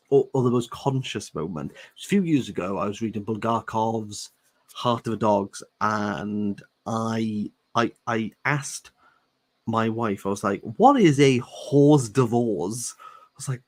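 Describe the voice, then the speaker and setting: A man in his thirties reads a novel aloud, stopping to joke about it and repeating words he likes. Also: medium pitch. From Wales. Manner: playful, savours and repeats words. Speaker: book channel host. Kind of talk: reading a novel aloud with joking commentary.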